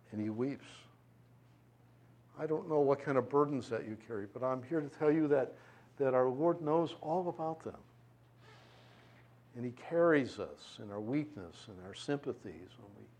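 A man preaching a sermon, reading scripture and explaining it in an expressive, conversational way, moving between loud emphasis and hushed tenderness. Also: fairly high pitch. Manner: conversational asides with light chuckles.

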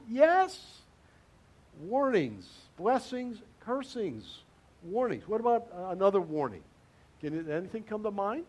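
Male pastor with a high voice, conversational sermon delivery that repeats key words for emphasis. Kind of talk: interactive sermon with congregation.

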